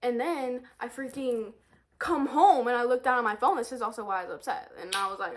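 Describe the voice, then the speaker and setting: A teenage girl, a high school student, telling a storytime vlog in an exasperated, animated rant, repeating herself and swearing. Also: brisk, noisy background. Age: teens. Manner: exasperated, animated ranting with frequent swearing and repetition.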